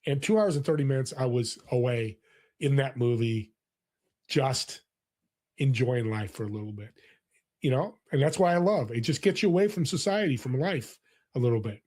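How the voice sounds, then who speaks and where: A man in his sixties, based in California, speaks at a moderate pace in a mid-range voice. As a casual interview guest, he tells his personal stories earnestly and animatedly, restarting often.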